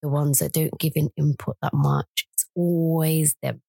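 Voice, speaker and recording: A young woman co-hosting a casual chat podcast, retelling a story in a husky voice. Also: low voice, steady tone, unhurried, warm tone, no room sound. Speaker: podcast co-host.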